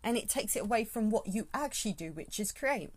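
A woman's voice: mid-range voice, lively intonation, a little fast, husky, dry recording. A woman hosting her podcast in a casual, rambling solo talk, thinking aloud as she goes. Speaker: podcast host.

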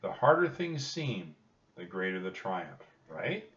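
Earnest brave young boy played by a man, low-voiced reader pushing his voice up, dull distant sound. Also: big pitch swings, takes it slowly, a bit bright, heavily acted.

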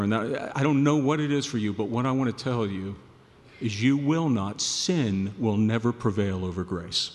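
A male pastor preaching a sermon, swelling to loud emphatic peaks and then dropping low and quiet. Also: normal speed, long reverb tail.

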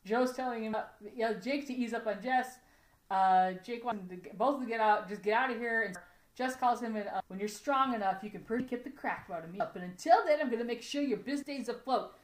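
A woman's voice: a little high, brisk. A woman co-hosting a podcast, recapping an episode in casual chat, giggling and acting out the characters' lines. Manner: chatty, giggly, acts out characters' lines in quotes. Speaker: podcast co-host. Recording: roomy echo.

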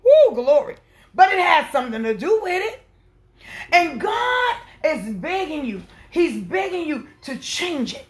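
A woman preaching a sermon, swinging from soft, quiet lines to impassioned shouting. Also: extremely high pitch, big pitch swings, a little slow.

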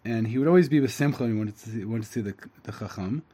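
Mellow-voiced man teaching, halting. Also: on the low side. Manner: halting, with fillers and self-corrections. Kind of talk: reading and translating a story line by line.

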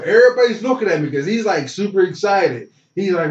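A young man telling stories in casual conversation, animated and acting out the voices of people in his anecdotes. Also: fairly high pitch, brisk, far from the mic. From from a small town. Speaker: interview guest. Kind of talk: casual storytelling. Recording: roomy, dull and slightly noisy.

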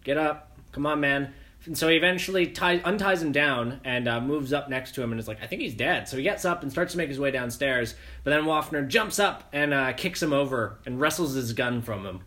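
Animated podcast co-host, mid-pitched voice. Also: brisk. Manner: animated storyteller, laughs often. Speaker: podcast co-host recapping a film. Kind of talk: casual chat.

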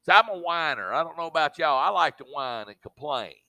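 A man preaching, his voice somewhat high and tense with force. He talks emphatically and folksily to the congregation. The sound is close and dry. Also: expressive, a little fast, pushed and bright, no room sound. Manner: emphatic, with colloquial asides to the congregation. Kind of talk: sermon.

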